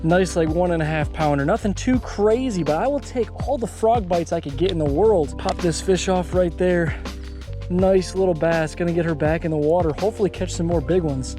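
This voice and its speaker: A man in his twenties chatting casually while fishing from a boat outdoors, getting excited whenever a fish bites. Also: high voice, normal speed, over music. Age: 20s. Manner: excitable, chatty, exclaims at every catch. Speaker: fishing vlogger. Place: outdoors on a bass boat on a lake.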